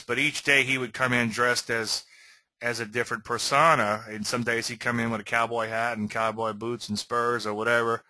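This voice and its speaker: Sharp, forceful man lecturing on trading. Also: medium pitch, no room sound, poor audio. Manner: rambling, conversational, asides and "okay?" check-ins. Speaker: trading educator and show host.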